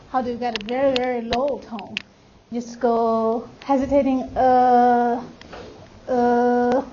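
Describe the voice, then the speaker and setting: A woman's voice: sits high, a little mellow. A woman teaching a class how to pronounce tones, drawing out and singing vowel sounds to show each one. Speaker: language teacher. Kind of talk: classroom instruction. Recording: lo-fi classroom recording with clear noise.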